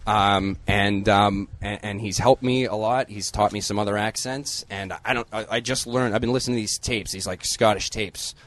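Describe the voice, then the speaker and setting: A man guesting on an improvised comedy podcast, talking earnestly and haltingly. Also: lowish voice, fairly even intonation, fairly bright tone.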